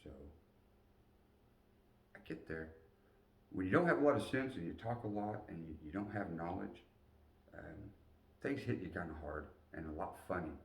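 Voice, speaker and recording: A man telling a personal story in an animated way, acting out the voices of the people in it. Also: low voice. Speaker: motivational storyteller. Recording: roomy echo, distant mic.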